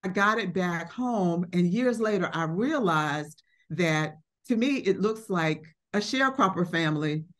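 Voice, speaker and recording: A woman's voice: lowish voice, animated, unhurried, few pauses. A middle-aged woman, an art collector, telling a reflective story in conversation, with fillers and acted quotes.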